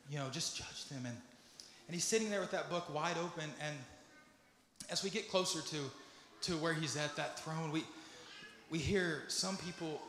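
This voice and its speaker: High-voiced man preaching in echoey hall. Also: slight background noise. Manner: builds from soft and low to loud pleading. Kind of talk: sermon. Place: church sanctuary. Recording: echoey church hall with music behind. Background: instrumental music.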